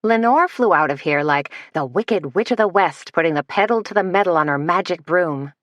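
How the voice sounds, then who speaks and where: A woman's voice: on the low side, lively intonation, moderate pace, no room sound, lightly acted. Drawling laid-back man, voiced by a woman. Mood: wry.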